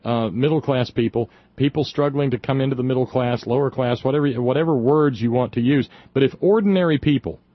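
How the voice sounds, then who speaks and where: A middle-aged man, co-hosting casual radio talk, halting with wry humor. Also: medium pitch, no room sound, dull audio. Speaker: co-host.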